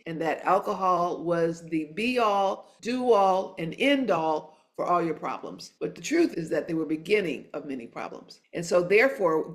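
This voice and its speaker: A middle-aged woman hosting a podcast, telling a personal story in an earnest, emphatic way and repeating key phrases. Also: fairly low pitch. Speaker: podcast host and coach for lawyers.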